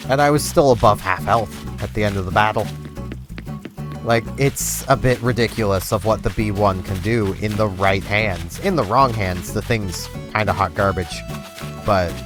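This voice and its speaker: Low-voiced man rambling over gameplay. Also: unhurried. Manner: rambling, loose, filler-heavy. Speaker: gaming channel host. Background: game music.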